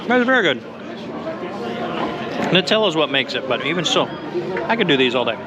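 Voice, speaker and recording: Speaking fast in a sing-song, medium-pitched voice over a noisy crowd, a travel vlogger gives casual commentary at a bustling outdoor Christmas market. He enthusiastically tastes food and wine and savors them aloud amid street noise.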